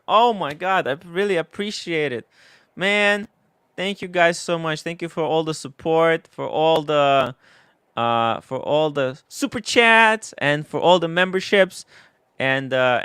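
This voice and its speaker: Man, live-stream host, excitable, laughs a lot, smooth and bright. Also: fairly high pitch, no room sound, studio quality. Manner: excitable, laughs often, thanks viewers. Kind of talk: casual live-stream chat.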